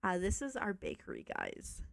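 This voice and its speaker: A woman's voice: mid-range voice, wildly swooping pitch, moderate pace, creaky, noisy background. A young woman chatting casually with viewers while she plays a video game, bubbly and self-teasing. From Canada. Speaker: streamer. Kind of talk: casual live-stream chat while playing a video game.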